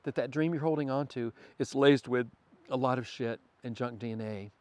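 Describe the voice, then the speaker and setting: A man's voice: medium pitch, moderate pace, a little mellow. Earnest, spiritual man in conversation. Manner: earnest, spiritual, stammers at times. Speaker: podcast guest. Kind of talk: casual conversation.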